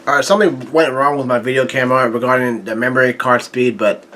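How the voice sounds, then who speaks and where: A man's voice: mid-range voice, steady tone, sharp tone, a little hiss or hum. A man recapping and reading a comic chapter aloud, often stopping, restarting and adding his own remarks along the way. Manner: halting, with frequent restarts and fillers. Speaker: manga reviewer.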